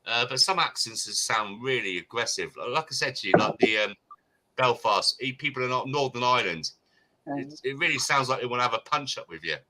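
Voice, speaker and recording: A man's voice: medium pitch, lively intonation, brisk, noisy background. A man from the United Kingdom in casual group chat, talking in a rambling way with frequent restarts. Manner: chatty, rambling with many restarts.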